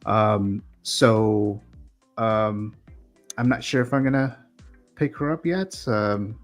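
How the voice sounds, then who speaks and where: A low-voiced man co-hosting a casual livestream. He talks in halting bits, with frequent "um" and "uh" and restarted sentences. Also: steady tone, faint music behind. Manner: hesitant, many ums and false starts. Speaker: guest co-host.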